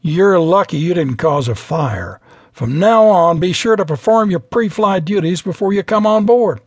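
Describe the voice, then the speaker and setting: A deadpan airline captain who lectures sternly and quickly, as read by a male narrator. His husky voice rises in pitch and the reading sounds dry and close. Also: no echo.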